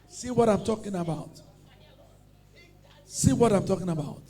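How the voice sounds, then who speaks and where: A man preaching and praying, who swings from loud fiery chanted commands to low murmured teaching and repeats phrases in long chants. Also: normal speed, long pauses. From Nigeria. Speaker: pastor. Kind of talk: sermon.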